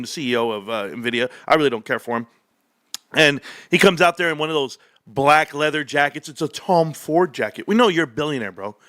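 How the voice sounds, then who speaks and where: A man hosting a stock market livestream, talking in an excitable, joking, rambling rant. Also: a little high, no echo, studio quality. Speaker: stock market stream host.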